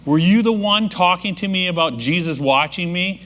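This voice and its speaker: A man's voice: sits high, normal speed, fairly bright tone, pitched above the performer's own voice. A man voicing a nervous, baffled burglar in a joke, asking incredulous questions.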